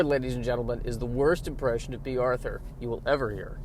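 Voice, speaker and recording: A man's voice: mid-range voice, steady tone, fast talker, hardly any pauses, a little mellow, a little hiss or hum. A man hosting his own podcast in a casual, rambling monologue, talking in an offhand, self-mocking way. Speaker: podcast host.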